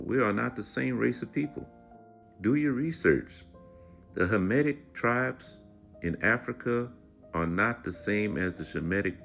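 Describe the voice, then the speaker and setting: A man's voice: lowish voice, vocal fry, a bit bright. A man giving reaction commentary in a preachy, lecturing way.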